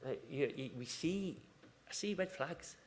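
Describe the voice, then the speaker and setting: A man's voice: fairly high pitch, lively intonation, a little slow, a little hiss or hum. A man giving an informal conference talk, chatty and rambling, breaking off into asides and restarting his sentences. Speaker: conference speaker. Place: conference room.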